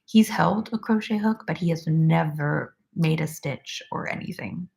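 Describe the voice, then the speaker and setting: A woman in her twenties hosts a relaxed crochet livestream, chatting and reading viewer comments. Her voice sits low and carries a heavy, gravelly fry. She talks loosely and easily, with plenty of "like" and quick laughs. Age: 20s.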